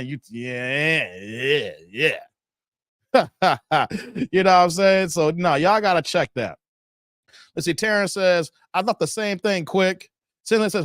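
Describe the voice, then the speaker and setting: A man from Chicago with a rather high pitch runs a relaxed livestream, addressing viewers directly in a lively way. He often chuckles while reading the chat aloud, and the sound is intimate and dry with no echo from the room.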